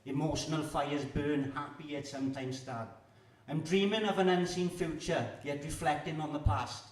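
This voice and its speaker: A man's voice: a little high, fairly even intonation, normal speed. A man from Wales, performing his own rhyming poems aloud. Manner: rhythmic rhyming recitation. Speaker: performance poet. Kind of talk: poetry performance. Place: live venue with audience. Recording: echoey room, distant mic.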